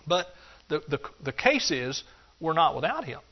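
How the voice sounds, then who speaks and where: A man preaching a sermon, animated and joking, acting out excuses in a higher voice. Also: moderate pace, husky. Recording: dull lo-fi sound.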